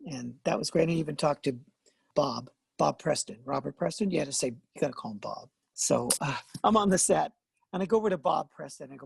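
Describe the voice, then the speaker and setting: An older man, a veteran actor and voice artist, telling animated stories in a casual interview, laughing and acting out what people said. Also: on the high side, a little fast, gravelly, breathy edge, no echo. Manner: animated, laughing, acts out quoted lines.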